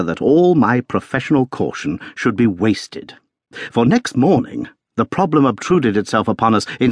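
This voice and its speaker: A man narrating a classic story as an audiobook, with expressive, well-paced storytelling. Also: fairly low pitch, breathy edge, no echo.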